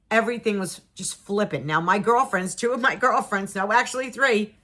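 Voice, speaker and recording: A middle-aged woman spins a personal story for her viewers, voice at an ordinary middle pitch. She tells it dramatically, acting out her own and other people's lines and repeating words to drive the point home. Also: expressive, fairly quick, few pauses, sharp tone. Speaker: vlogger telling a personal story. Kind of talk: casual storytelling to camera.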